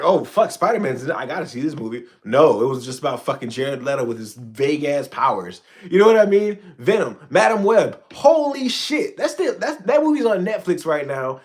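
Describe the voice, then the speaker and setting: A man hosting a casual livestream, ranting in a profane, rambling way with frequent stammered restarts. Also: medium pitch. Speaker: channel host.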